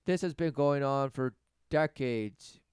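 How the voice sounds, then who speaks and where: A man delivering a mocking sermon rant, often mimicking others in high, sarcastic voices. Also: slow, a little mellow, smooth, dry recording, studio quality. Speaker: preacher.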